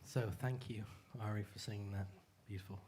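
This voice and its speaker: A man giving a casual, joking sermon to his community, pausing often with fillers and restarts. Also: lowish voice, steady tone, warm tone, slight background noise. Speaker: speaker at a spiritual community service.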